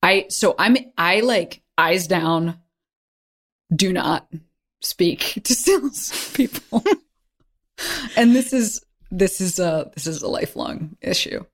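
A woman hosting a podcast, talking in a soft-spoken, hesitant way with many fillers. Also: lowish voice, slow pace, long pauses. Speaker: podcast host. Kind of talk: casual conversation.

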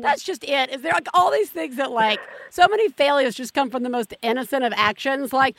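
High-voiced woman hosting a chatty podcast. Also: brisk, few pauses, no echo. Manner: animated, self-mocking, breaks into laughter. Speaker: podcast host. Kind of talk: casual chat.

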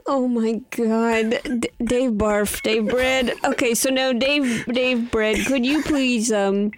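A woman hosting a comedy call-in game show, upbeat and giggly, trading quick banter with callers. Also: on the high side, fairly even intonation, slight background noise. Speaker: host.

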